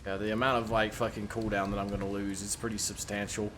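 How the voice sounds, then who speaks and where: A man streams a video game, mumbling his thoughts aloud in a casual, hesitant way and swearing often. His fairly low voice is flat and fast, and the background is noisy.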